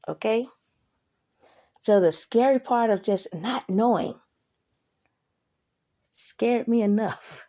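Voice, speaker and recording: A woman's voice: medium pitch, slow, long pauses, mellow. A woman telling a story to the camera in a casual, rambling way, swearing a lot and asking "you know?". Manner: profane, rambling, asks listener "you know?".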